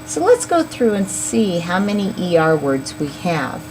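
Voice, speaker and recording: A woman teaching young children a phonics lesson, slowly sounding out words and counting syllables. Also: fairly low pitch, big pitch swings, noisy background. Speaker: elementary school teacher.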